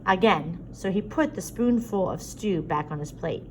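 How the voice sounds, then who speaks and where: Low-voiced woman reading a story. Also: lively intonation, moderate pace, a little mellow, slight background noise, low-quality recording. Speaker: audiobook reader. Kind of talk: story narration.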